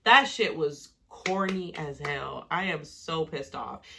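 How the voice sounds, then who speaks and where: Woman, bright timbre, casual reality-TV recap, heated and profane. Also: low-pitched, slow pace, gravelly, slight background noise. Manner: heated, profane, exasperated ranting. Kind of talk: casual reaction commentary.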